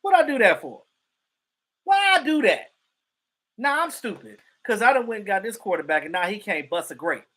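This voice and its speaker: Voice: medium pitch, sing-song, normal speed, fairly bright tone. A streamer mimicking a frustrated football coach who rants at himself about a bad trade, close to his own voice. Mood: exasperated. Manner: exasperated, self-mocking rant. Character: frustrated middle-aged male football coach regretting a trade.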